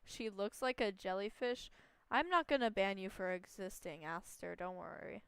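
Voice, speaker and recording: A woman's voice: medium pitch, moderate pace, a bit bright, clean tone, no echo. A woman streamer giving casual, playful commentary while playing a game, with rambling, self-deprecating asides.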